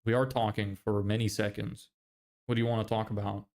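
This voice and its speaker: A man's voice: fairly low pitch, flat delivery, brisk, darkish tone. A young man chatting casually on a livestream, reading viewer messages, swearing and laughing often. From Ireland. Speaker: livestreamer and agency owner.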